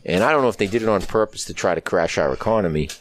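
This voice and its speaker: A man with a fairly low voice, talking in a plainspoken, explanatory way. He repeats his points to drive them home, in relaxed conversation. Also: racing, a little hiss or hum. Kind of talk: casual conversation.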